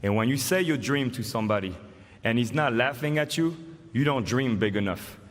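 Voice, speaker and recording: A man in his forties with a French accent, giving an acceptance speech in a casual, halting way with fillers. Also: medium pitch, expressive. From France. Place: large arena stage. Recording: long hall reverb, faint noise.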